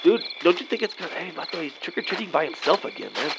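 A man plays a laid-back Mexican-American guy trick-or-treating with his buddies, rambling in drawled slang packed with "man" and "vato." His voice is on the high side, gravelly, very animated, and fast, with background noise.

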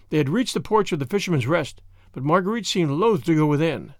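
A man narrating a classic novel as an audiobook, with an expressive storytelling cadence. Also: on the high side, brisk, hardly any pauses, no echo, studio quality. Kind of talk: scripted narration.

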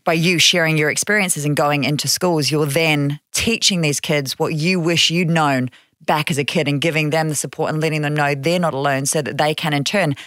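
A woman hosting a podcast, asking thoughtful questions in a measured, casual way. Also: deep voice, fairly even intonation, fairly bright tone, dry recording, studio quality. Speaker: podcast host. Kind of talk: casual interview talk.

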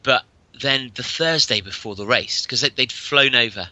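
A man co-hosting a casual podcast from his bedroom, telling stories with lively mimicry. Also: moderate pace, dry recording. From England. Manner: animated storyteller, mimics people with big pitch jumps. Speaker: podcast co-host. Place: bedroom at home.

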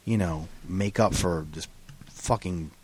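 A man's voice: low-pitched, measured pace, breathy edge. A man co-hosting a podcast, talking bluntly and teasing his friend, with plenty of swearing. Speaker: podcast co-host. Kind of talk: casual banter.

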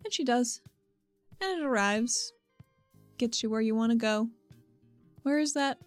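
A woman's voice: a little high, animated, measured pace, no echo, soft background music. A woman narrating as game master in a tabletop game, in a casual and laid-back way.

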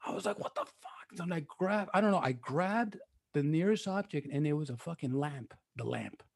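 A man's voice: a little high, animated, moderate pace, gravelly. A man, telling a story in a casual, profane chat, dropping into Spanish and calling everyone dude and bro.

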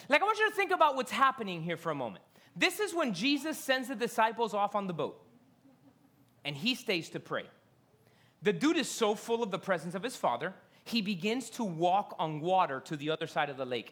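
A pastor preaching with a bright, forward tone, loose and conversational, full of "like" and quick asides. The voice leaps up loud for dramatic moments and drops to near-murmurs for emphasis. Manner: casual, joking, fillers, dramatic reenactments; swings from loud highs to hushed lows. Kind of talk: sermon.

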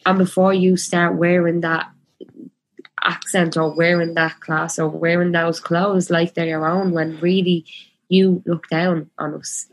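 A woman in her twenties with a Dublin accent, chatting casually. Her voice sits a little low, and she talks with passion, packing her speech with fillers. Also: little pitch movement, measured pace. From Ireland. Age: 20s. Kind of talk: casual chat.

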